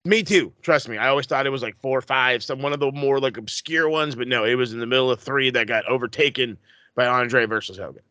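Guy hosting a trivia bit, swears a lot, rambles, bright voice. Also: medium pitch, brisk, no echo, lo-fi sound. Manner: excitable, profane, rambling asides. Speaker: trivia quizmaster. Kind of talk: casual podcast trivia chat.

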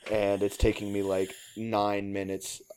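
A man's voice: lowish voice, monotone, measured pace, a little mellow, a little hiss or hum. Profane rambling man telling a story. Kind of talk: casual chat.

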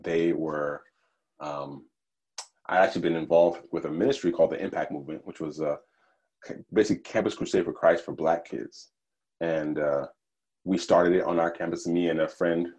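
A man from Nigeria who grew up in the United States, speaking as a podcast guest in a thoughtful, measured way with fillers and restarts. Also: deep voice, fairly even intonation, a little mellow, highs cut off. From Nigeria, raised in the United States. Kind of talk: conversational interview.

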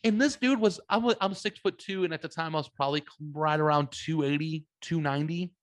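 A man's voice: fairly high pitch, fairly quick, no room sound. A man telling a funny story in casual chat, swearing freely and laughing as he goes.

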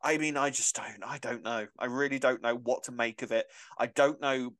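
A man, co-hosting a casual chat about a soap opera, chatty and quick to laugh. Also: medium pitch, no room sound. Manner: chatty, animated, laughs often and acts out quotes. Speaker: podcast co-host.

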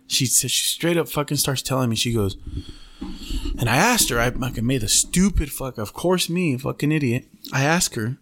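A man's voice: medium pitch, expressive, brisk, fairly bright tone. A man hosting a podcast, telling a story in casual chat, slangy and full of swearing. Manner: profane, slangy, keeps saying "bro". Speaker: podcast host.

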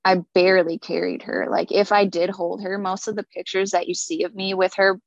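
A woman telling her own story in an earnest, halting way, sometimes repeating words. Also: mid-range voice, level tone, creaky, dry recording. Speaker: speaker sharing a personal story. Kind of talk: personal testimony. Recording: dull lo-fi recording.

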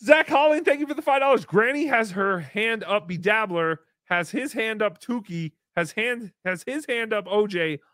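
A man with a high, very lively voice hosts a loose livestream and cracks sarcastic jokes as he reads paid chat messages. His tone is bright, and he swings between loud bursts and mumbled asides on a dry, close mic. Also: normal speed, hardly any pauses, no echo. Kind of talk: casual livestream banter.

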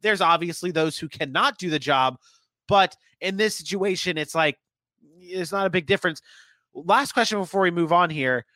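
A man's voice: sits high, normal speed, pushed and bright, dry recording. A man co-hosting a casual sports podcast, chatty and thinking aloud with frequent restarts.

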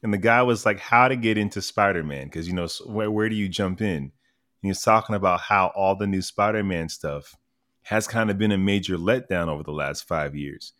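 A man's voice: deep voice, fairly quick, fairly bright tone. A man hosting a pop culture podcast, talking in an upbeat, teasing, chatty way. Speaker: podcast host. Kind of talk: casual chat.

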